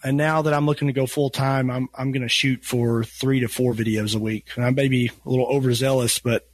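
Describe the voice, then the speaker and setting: A man's voice: mid-range voice, steady tone, a little fast, no echo. A man with a Western Kentucky accent, chatting easily as a podcast guest, rambling a little and laughing often. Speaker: guest, gun YouTuber. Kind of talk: casual podcast chat.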